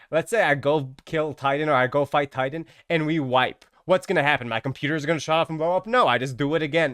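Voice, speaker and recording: Slangy, profane male gaming storyteller with a clear voice and a dry sound. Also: fairly high pitch, dry recording. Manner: animated, profane, slangy, exaggerating. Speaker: gaming video creator. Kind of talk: comic storytelling vlog.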